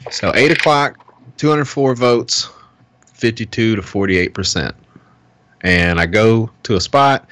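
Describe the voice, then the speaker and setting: A man's voice: on the low side, a bit bright, slight background noise. A man on a podcast telling a heated, profane story in casual chat and acting out what people said. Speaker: podcast co-host.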